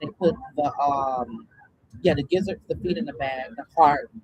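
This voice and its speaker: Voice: mid-range voice, normal speed, slightly rough, rough recording. A speaker telling a long story in casual chat, rambling with many fillers.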